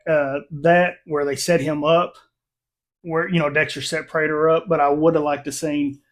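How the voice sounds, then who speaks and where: A middle-aged man hosting a casual review chat, animated and quick to laugh as he retells scenes. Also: fairly high pitch. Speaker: reviewer, channel host.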